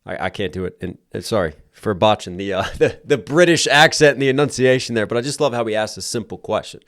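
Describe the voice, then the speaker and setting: A man's voice: lowish voice, fast, fairly bright tone, no echo, clean studio sound. A man hosting a music reaction video, quoting lyrics back and breaking down the rhymes and delivery with enthusiasm. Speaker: reaction video host and rapper.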